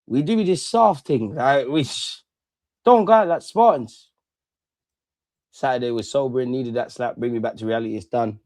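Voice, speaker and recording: A man, hosting a casual livestream, talking in slangy, animated bursts that swing between loud and muttered. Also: medium pitch, moderate pace, no room sound, clean studio sound. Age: 30s. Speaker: livestream host.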